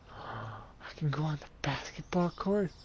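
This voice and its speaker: A man's voice: mid-range voice, moderate pace, a little mellow, dull audio, a little hiss or hum. A man giving playful, casual commentary over a game, counting and thinking aloud to himself while he keeps yawning. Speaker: let's play gamer.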